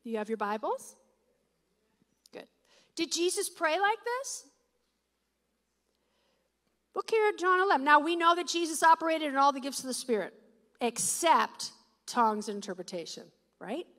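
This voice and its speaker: A woman preacher giving a sermon to a gathered audience. She reads scripture aloud, puts questions to the listeners, and builds to loud, emphatic declarations. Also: high voice, sing-song, normal speed. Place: church or meeting hall with an audience. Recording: long hall reverb.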